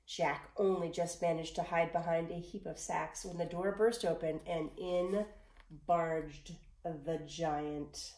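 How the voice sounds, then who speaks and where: A woman reading a storybook aloud in an expressive way. She sometimes drops to a whisper and speaks directly to the listener. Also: on the low side, slow, roomy sound.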